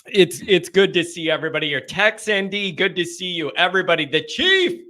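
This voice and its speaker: Male host, high voice, bright tone, joking, rambling, casual live chat. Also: animated, normal speed. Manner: joking, rambling, greets viewers by name. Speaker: host of a live fan call-in show.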